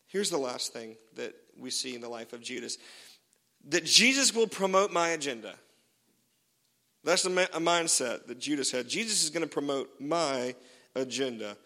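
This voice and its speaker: A man's voice: mid-range voice, expressive, normal speed, sharp tone, big-room sound. A man preaching a sermon as pastor, casual and joking, with many fillers.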